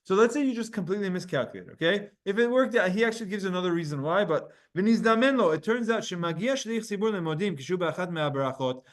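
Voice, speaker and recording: High-voiced man teaching a Talmud class. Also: animated. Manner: explains texts, reading Hebrew and Aramaic aloud and translating with quick asides; speaks directly to students by name.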